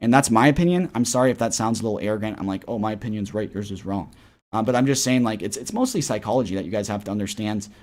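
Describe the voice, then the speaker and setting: A man giving casual, rambling chart commentary on a live stream. He keeps repeating "right?" and "guys", and his voice swings between loud and soft. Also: fairly low pitch, animated, racing, hardly any pauses. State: tired after a flight. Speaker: crypto trading streamer.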